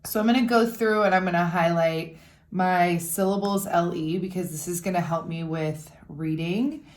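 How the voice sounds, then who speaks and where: A woman's voice: lowish voice, fairly even intonation. Woman teacher sounding out words patiently. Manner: patient, explains step by step, sounds out words slowly. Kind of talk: recorded remote classroom lesson.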